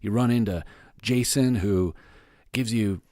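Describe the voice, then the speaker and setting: Male podcast host, lowish voice, dry close sound, casual rambling solo update. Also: unhurried, dark tone, no room sound. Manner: loose and rambling, many fillers and restarts.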